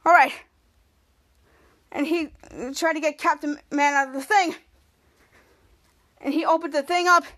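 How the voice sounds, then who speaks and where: A woman with a very high, bright voice runs through an episode recap in a loose, rambling way. She keeps circling back to the same stock phrases and jumps into excited impressions of the characters as she goes. The delivery is casual, like an unscripted podcast. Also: moderate pace, pauses often. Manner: rambling, repeats "cut to" and "somehow"; acts out characters' lines excitedly. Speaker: podcast host.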